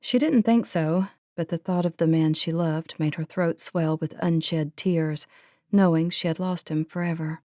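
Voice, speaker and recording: A woman narrating an audiobook in a measured, earnest storytelling manner. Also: low-pitched, steady tone, dark tone, dry recording, studio quality.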